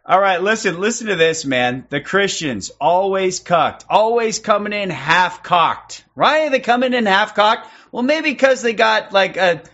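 Man, mocking commentary, high pitched, swooping voice, excitable, crude. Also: a little slow, few pauses, muffled recording. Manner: sarcastic, profane, excitable. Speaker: streamer reacting to clips.

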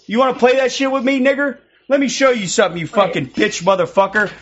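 Loud, abrasive young man trolling on stream. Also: very high voice, steady tone, fast talker, highs cut off. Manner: loud, abrasive, taunting, often shouting. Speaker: streamer taunting players in online voice chat. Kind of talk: aggressive trolling over game voice chat.

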